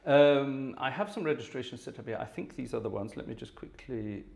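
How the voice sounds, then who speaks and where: A man's voice: mid-range voice, a little fast, creaky, a little mellow. A man hosting a live organ music stream, chatting casually and self-deprecatingly with viewers while he sets up.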